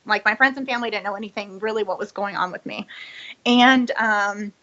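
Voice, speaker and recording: A woman's voice: medium pitch, a little fast, bright, forceful tone, muffled recording. A young woman in her twenties, a former business owner, telling her story in a candid interview, rambling with many "like"s and "you know"s and acting out what people said. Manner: rambling, frequent "like" and "you know", acts out quoted lines.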